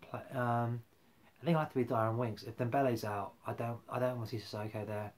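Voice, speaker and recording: A man's voice: medium pitch, steady tone, fast. A man rambling casually about football on a live stream, full of fillers and restarts. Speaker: football fan vlogger.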